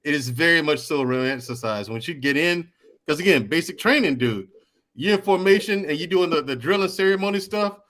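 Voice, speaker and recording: A man who served in the army is a guest on a casual podcast, laughing as he tells animated stories. He speaks briskly in a slightly high voice.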